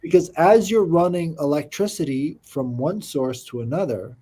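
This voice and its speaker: A man with a somewhat high, mellow voice talks in an easy conversation. He lays out sweeping ideas with emphasis and keeps checking that the other person follows him. The tone is relaxed and warm rather than bright. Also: normal speed, husky. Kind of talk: casual chat.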